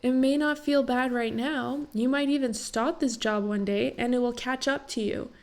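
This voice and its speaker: A young woman rambles through a casual reaction vlog, her voice gravelly with fry. She is still teary after crying and fills her talk with "like.". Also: high voice, fairly even intonation, moderate pace, darkish tone. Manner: emotional, rambling, many "like" fillers. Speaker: vlogger reacting to a talk show.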